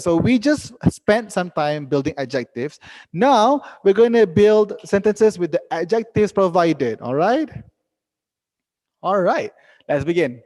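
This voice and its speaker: Upbeat male English teacher, slightly high voice. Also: expressive, measured pace, long reverb tail. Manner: upbeat, reads out student sentences and gently corrects them. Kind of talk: live online English lesson.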